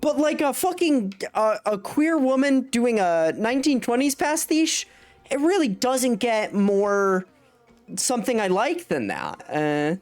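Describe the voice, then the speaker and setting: This young adult woman's voice is fairly high-pitched with a darkish tone, and she's very animated while speaking a little slowly. Chatting casually on a gaming live stream, she rambles, curses freely and laughs mid-sentence, with faint game music in the background.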